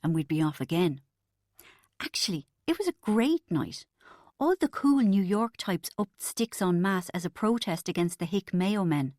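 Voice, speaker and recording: A woman's voice: lowish voice, sing-song, normal speed, a little mellow, dry recording, studio quality. A woman reading a comic novel aloud as an audiobook narrator, in a wry storytelling manner.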